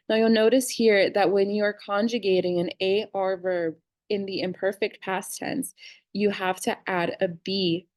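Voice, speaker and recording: A young woman in her twenties teaching a casual grammar lesson, reading verb forms slowly and clearly. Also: medium pitch, fairly even intonation, a little mellow, dry recording. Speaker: Spanish teacher.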